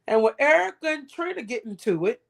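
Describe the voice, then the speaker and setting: A woman's voice: high-pitched, big pitch swings, fairly quick, gravelly. A woman hosting a livestream, giving casual gossip commentary in a rambling way and often repeating her words. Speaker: livestream host.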